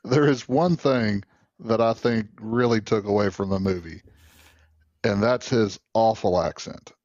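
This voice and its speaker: Southern man, podcast co-host, low voice, rambling and opinionated, dull dry recording. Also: a little slow, a little mellow, no room sound. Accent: Southern American. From American Deep South. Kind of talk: casual chat.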